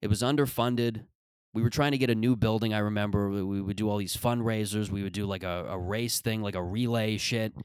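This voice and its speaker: A man's voice: on the low side, steady tone, fairly quick, darkish tone, clean tone, dry recording, clean studio sound. A man in his thirties hosting a podcast, telling stories in a rambling, profane, comedic monologue. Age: 30s. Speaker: podcast host.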